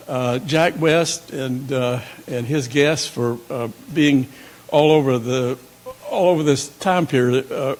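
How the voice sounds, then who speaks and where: An older man from South Carolina giving a guest lecture, halting with many fillers and folksy asides. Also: mid-range voice. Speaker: guest speaker. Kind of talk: lecture remarks.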